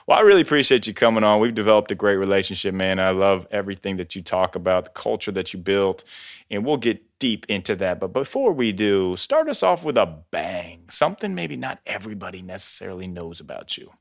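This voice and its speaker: A man's voice: fairly low pitch, big pitch swings, a little fast, gravelly. Enthusiastic male podcast host. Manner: enthusiastic, effusive. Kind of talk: upbeat podcast interview.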